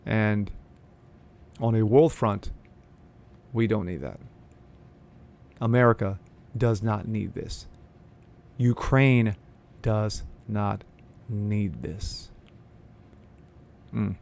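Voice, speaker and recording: A man's voice: on the low side, extremely slow, creaky, pauses often, a little mellow. A man hosting his own political commentary vlog, reading news aloud and then ranting his opinion in a blunt, profane, sneering way. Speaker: host of a political commentary channel.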